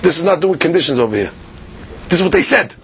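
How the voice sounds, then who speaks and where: A man giving a daily Talmud lesson, explaining in a lively conversational way with many fillers and restarts. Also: on the high side, fast, vocal fry, slight background noise. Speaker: Talmud teacher.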